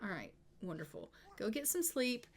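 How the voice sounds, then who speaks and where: A woman's voice: mid-range voice, huge pitch swings, normal speed, a crowd in the background. A woman casually narrating her life-sim gameplay, chatty, with wry asides and frequent laughs. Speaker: let's play narrator.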